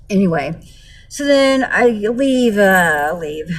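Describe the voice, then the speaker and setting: A woman's voice: sits high, rough recording. A woman in her forties telling a vlog story in a blunt, heated way, with flashes of anger and weary sighs. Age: 40s. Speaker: vlogger.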